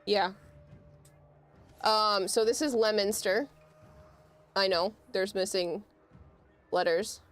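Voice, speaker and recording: A woman's voice: mid-range voice, fairly even intonation, slow pace, long pauses, faint music behind. A woman, chatting casually on a livestream and explaining with amused laughs.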